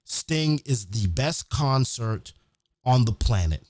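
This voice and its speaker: A man hosting a podcast, telling stories in a casual, profane, animated way. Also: mid-range voice, takes it slowly, no echo, studio quality. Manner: profane, animated, acts out quotes. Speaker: podcast host. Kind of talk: casual storytelling.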